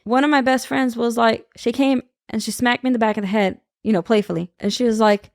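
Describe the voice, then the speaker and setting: A woman's voice: on the high side, steady tone, brisk, gravelly, no room sound, clean studio sound. A woman guest on a podcast, telling a personal story in casual conversation and acting out the people she quotes.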